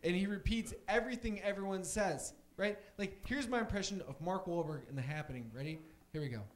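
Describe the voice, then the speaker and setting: A man's voice: high-pitched, a little fast. A young man doing a stand-up set on a comedy club stage, rambling casually and full of fillers.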